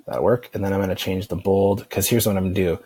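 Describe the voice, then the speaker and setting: A man talks through a screen-recorded software tutorial in an easygoing, meandering way, often pausing with "um" and restarting his sentences. His voice sits on the low side, and the recording is close and dry. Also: breathy edge, no echo. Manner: relaxed, rambling, many fillers and restarts. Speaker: online marketing instructor.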